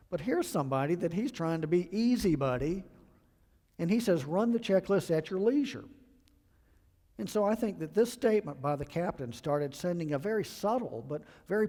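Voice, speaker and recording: A middle-aged man from the American South giving an earnest, emphatic safety lecture to pilots, acting out quoted remarks. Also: dark tone. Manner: earnest, emphatic, acts out quotes with rising pitch. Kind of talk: presentation lecture. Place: university lecture hall. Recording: long hall reverb.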